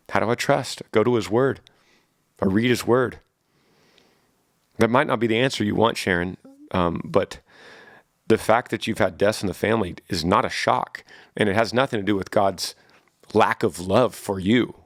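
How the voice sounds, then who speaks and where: A man's voice: on the low side, moderate pace, pauses often, dry recording, studio quality. A man in his thirties hosting a faith podcast, answering listener questions in an earnest, preachy way and often repeating words as he thinks. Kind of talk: casual faith-based podcast talk.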